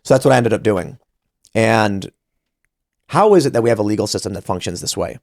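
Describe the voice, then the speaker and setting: A man's voice: fairly low pitch, animated, a little fast, darkish tone, dry recording, studio quality. A man in his thirties hosting a podcast, telling a story casually and animatedly, acting out the voices he quotes. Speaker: podcast host.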